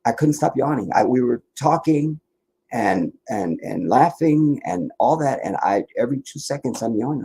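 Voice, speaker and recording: A weary man from the Washington DC area talks to his livestream in a loose, meandering way, doubling back and trailing off. His voice is husky and breathy, and his pitch sits in an ordinary middle range. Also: animated, moderate pace, a little mellow. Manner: meandering, many restarts and asides. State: tired, worn out. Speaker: livestream host. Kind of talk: rambling casual chat.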